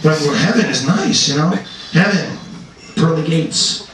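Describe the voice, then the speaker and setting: A young man doing a crude stand-up comedy set in a comedy club, often jumping into shouted voices. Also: on the high side, measured pace. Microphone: handheld stage mic. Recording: echoey club from far off, crowd.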